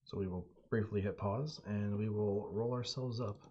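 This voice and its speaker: A man running and narrating a solo tabletop game on stream, telling the story in a relaxed, halting way. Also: lowish voice. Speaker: game master and solo player. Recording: dull lo-fi audio.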